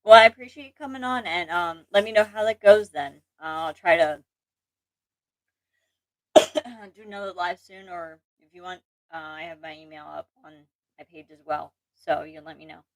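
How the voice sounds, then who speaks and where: A woman's voice: on the low side, normal speed, dry recording, poor audio. A young woman hosting a casual livestream chat, rambling and self-deprecating, with restarts, laughs and an occasional allergy cough. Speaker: channel host.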